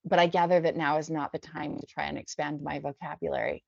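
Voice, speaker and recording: A woman from the Bay Area, a podcast guest, reading her memoir aloud in a measured, subdued way. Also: low-pitched, fairly even intonation, creaky, a little mellow, no echo. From San Francisco Bay Area. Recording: dull dry lo-fi recording.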